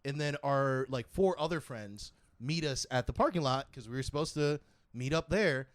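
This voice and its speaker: A man's voice: medium pitch, moderate pace, no echo, clean studio sound. A young man telling a funny story in casual podcast chat, laughing often as he goes. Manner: animated storyteller, laughing through anecdotes.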